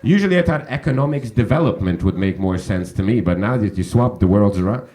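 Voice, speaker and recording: A man's voice: lowish voice, expressive, quick pace, dark tone. A man doing stand-up crowd work on a comedy club stage, teasing the audience with chatty questions into a handheld mic.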